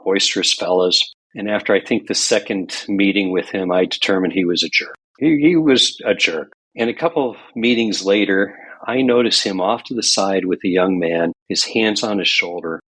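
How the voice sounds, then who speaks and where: An older man from California speaks as a podcast guest in a low, deep register with a husky grain. He tells his stories earnestly and reflectively. He works through each point with care. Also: fairly bright tone, low-quality recording. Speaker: guest, past grand master of a Masonic lodge. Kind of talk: podcast interview.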